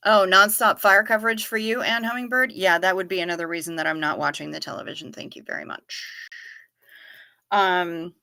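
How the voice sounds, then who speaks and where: A woman's voice: fairly low pitch, fairly even intonation, brisk, vocal fry, bright, forceful tone, no echo, studio quality. A woman hosting a casual livestream, chatting and answering viewer comments in a rambling, profane way full of stammered restarts. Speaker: livestream host. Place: home, livestream without camera.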